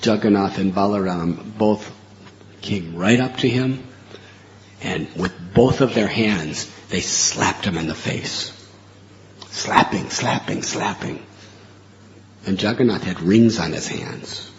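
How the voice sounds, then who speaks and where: Man, preacher, sermon storytelling, slow delivery, dull muffled recording. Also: lowish voice, slight background noise. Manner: animated, laughs while telling story.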